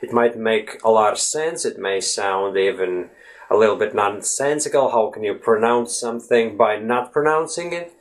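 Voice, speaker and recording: A man's voice: lowish voice, moderate pace. Chatty man teaching pronunciation. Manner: talkative, often tags sentences with "right?". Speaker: English fluency teacher. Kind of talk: casual video lesson to camera.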